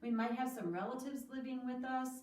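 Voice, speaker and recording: A woman telling a children's Bible story with a felt board, in an animated sing-song way that asks the children questions. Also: sits high, brisk. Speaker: children's storyteller at a church school. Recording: echoey room, far from mic.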